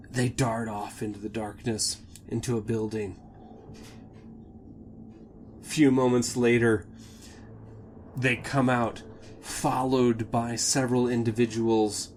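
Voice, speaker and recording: A man narrating a tabletop game as game master in a slow, measured, descriptive way. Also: mid-range voice, slight background noise.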